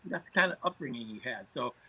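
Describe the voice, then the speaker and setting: A man's voice: medium pitch, lively intonation, fast, bright, forceful tone, breathy edge, low-quality recording. A man, a podcast guest telling anecdotes in conversation, often repeating words as he starts phrases. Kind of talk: storytelling in conversation.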